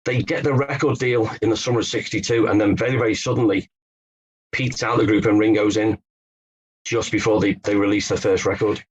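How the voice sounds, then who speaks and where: A man's voice: lowish voice, steady tone, brisk, husky, lo-fi sound. A man, an author and Beatles expert, telling stories as a podcast guest with some fillers and restarts. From England. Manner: storytelling, explanatory, with fillers and restarts. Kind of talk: podcast interview answers.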